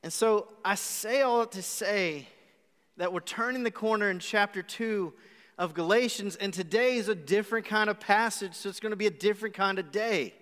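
A man pastor preaching a live sermon, telling a story with animated acted-out asides. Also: high-pitched, moderate pace. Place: church auditorium. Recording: live church hall with long reverb.

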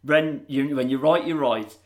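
A man's voice: medium pitch, moderate pace, natural voice. A man voicing an indignant smaller male wrestler in a quoted scene, with forced cheer.

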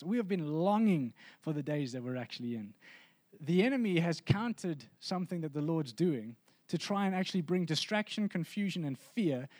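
A high-voiced man delivers a sermon to his congregation. He preaches in an earnest, conversational way, often circling back to restart a thought. The recording is dry and close, with no room sound. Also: darkish tone, dry recording. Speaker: pastor.

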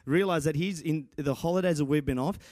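A man's voice: fairly high pitch, a little fast, a little mellow, dry recording, studio quality. A man preaching a sermon and telling a self-mocking personal story. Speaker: pastor.

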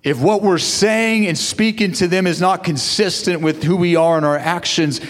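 A man's voice: a little high, a little slow. Preaching man in a reverberant hall. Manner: preaching with call-and-response asides. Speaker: pastor. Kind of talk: sermon.

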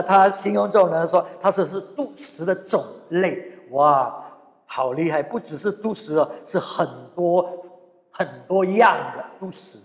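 A man preaching a bilingual sermon, earnest, repeating phrases and reading scripture slowly. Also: high-pitched, big-room sound.

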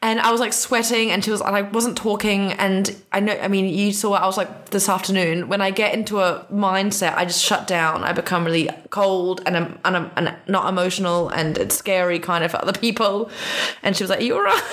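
A woman's voice: mid-range voice, steady tone, fairly quick, fairly bright tone. Chatty young woman, laughing and rambling. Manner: chatty storyteller, laughs often, many fillers and restarts. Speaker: podcast co-host. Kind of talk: candid casual chat.

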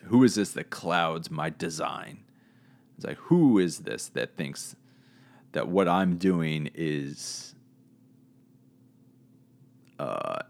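A man with a deep, gravelly, slightly mellow voice gives a casual Bible lesson. He speaks conversationally and searchingly, hedging and correcting himself along the way.

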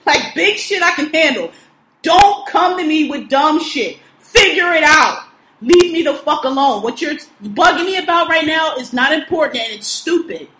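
A woman's voice: high voice, animated, moderate pace, bright, forceful tone, slight background noise. A woman venting in casual chat, ranting emphatically and swearing a lot. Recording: echoey room.

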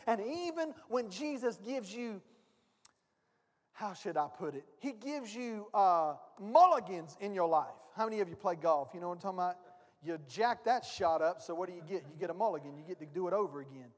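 A man's voice: high-pitched, animated, fairly quick. A man, the pastor, preaching an informal, folksy sermon and firing rhetorical questions at the congregation. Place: church sanctuary. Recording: long reverb of a church hall.

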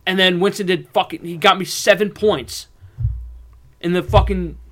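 A man's voice: high-pitched, steady tone, moderate pace, a bit bright. A man hosting a podcast in casual chat, joking, swearing and laughing often. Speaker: podcast host.

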